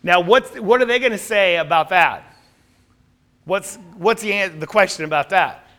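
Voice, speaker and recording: A man's voice: high-pitched, normal speed, fairly bright tone. A man teaching a Bible class, quizzing his listeners with questions and then answering them himself.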